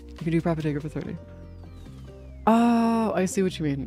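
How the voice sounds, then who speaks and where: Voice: mid-range voice, fast, warm tone, soft background music. Rambling, casual gaming streamer. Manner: rambling, filler-heavy, casual swearing. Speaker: live streamer.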